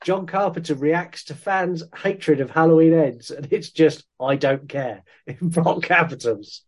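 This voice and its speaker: A man's voice: a little high, a little slow, breathy edge. A man co-hosting a podcast in casual chat, bringing up news items with enthusiasm. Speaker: podcast co-host.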